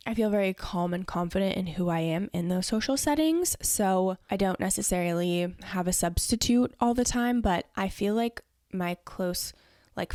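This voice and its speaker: A young woman hosts her own podcast and answers listener questions in an easygoing solo chat. Her voice carries a steady vocal fry, and she leans on "like" and "you know" as she talks. The sound is close and dry, with no room around it. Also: medium pitch, no echo. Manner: chatty, earnest, peppered with "like" and "you know". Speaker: podcast host.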